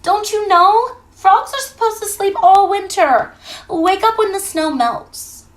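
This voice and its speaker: A woman's voice: very high voice, animated, measured pace, roomy sound, voice pushed up. A woman voicing a fussing mother frog in a storybook, calling out to her son in a sing-song way. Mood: coaxing.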